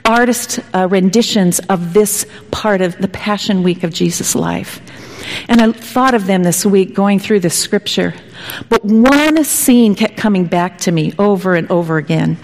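A woman pastor preaching a sermon, telling it dramatically and sometimes dropping to a hushed whisper. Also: mid-range voice. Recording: long hall reverb.

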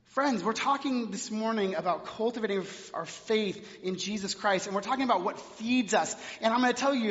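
A man's voice: sits high, a bit bright. A man preaching a sermon in a church, telling stories in a chatty, filler-heavy way. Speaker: pastor. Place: church sanctuary. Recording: long reverb, dull lo-fi sound.

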